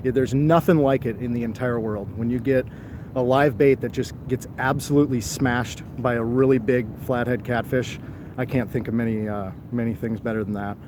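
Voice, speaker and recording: A man's voice: medium pitch, steady tone, moderate pace, background noise. A man co-hosting a live fishing stream outdoors at night, greeting viewers by name and chatting casually about catfish. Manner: reads out viewer names and greetings. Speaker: fishing show co-host.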